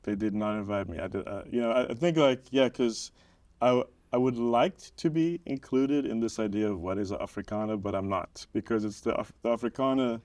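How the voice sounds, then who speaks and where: South African man, low voice, dry sound, young adult, relaxed explainer, lots of fillers. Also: fairly quick, no room sound. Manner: explanatory, hedging with many "like"s, laughs easily. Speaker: guest documentary maker. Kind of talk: casual podcast chat.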